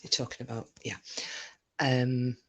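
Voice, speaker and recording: A woman's voice: rumbling low, little pitch movement, measured pace, breathy edge. Rambling, chatty woman host. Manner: rambling and chatty, full of fillers, greets viewers by name. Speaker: livestream host. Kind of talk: casual chat on a live stream.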